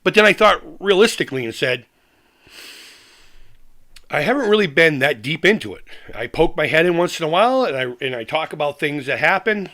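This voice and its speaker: A retro gaming YouTuber rants angrily on a live stream, fired-up and swearing heavily, repeating himself and restarting sentences. His voice is a little high, expressive, brisk and sharp.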